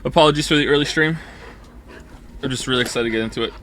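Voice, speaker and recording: A man's voice: mid-range voice, fast, a bit bright, a little hiss or hum. A man chatting casually on a stream, rambling and joking and correcting himself mid-sentence. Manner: rambling, self-correcting, jokey.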